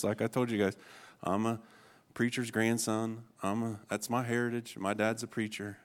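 A man's voice: lowish voice, flat delivery, normal speed. Earnest, laughing man in his forties preaching. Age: 40s. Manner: earnest and emotional, often breaking into laughter. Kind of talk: sermon.

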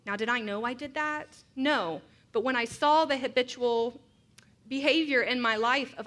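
Woman preaching, bright highish voice, earnest reflective sermon with personal stories. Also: moderate pace.

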